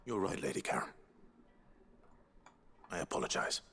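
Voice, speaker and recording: A man's voice: moderate pace, a bit bright, a little hiss or hum, natural voice. An actor playing an earnest young swordsman who speaks politely and hesitantly, a bit awkward.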